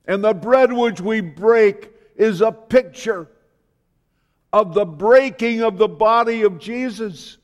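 A man preaching a slow, dramatic sermon as pastor, quoting scripture and hymns. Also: high-pitched, clear, resonant tone, long reverb tail.

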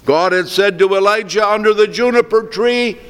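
A man preaching a sermon, earnest and slow, repeating key phrases for emphasis. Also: high-pitched, fairly bright tone. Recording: echoey hall with long reverb.

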